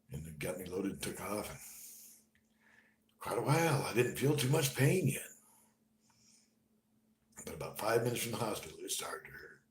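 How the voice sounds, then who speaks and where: A man with a low voice tells his own story in a halting, conversational way, sinking to a near murmur at times and then bursting out loudly. He sounds like he is in an echoey room, with faint noise behind him. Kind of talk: spoken personal story.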